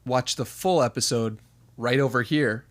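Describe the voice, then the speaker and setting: A man's voice: mid-range voice, a little slow. A man hosting a podcast, asking short, thoughtful questions. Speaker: podcast host. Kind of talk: podcast interview.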